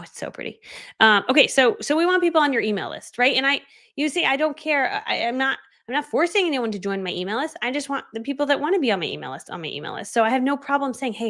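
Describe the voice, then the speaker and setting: A woman's voice: a little high, fairly bright tone. A woman coaching viewers through a casual live stream, bubbly and chatty, laughing often and dropping into whispered asides. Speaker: online business coach.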